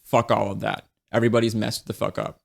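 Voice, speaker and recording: Casual male book reviewer: low gravelly voice, flat delivery, blunt and profane. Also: brisk. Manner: blunt and profane, with frequent restarts.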